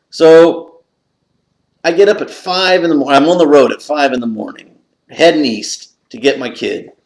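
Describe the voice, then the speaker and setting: An excitable man tells a story straight to the camera, his voice bouncing high and low as he goes. He talks a little higher than most men. The sound rings around a bare, echoey room. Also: moderate pace. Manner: excitable, jumps up high when retelling his own panic. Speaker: pipe collector vlogger.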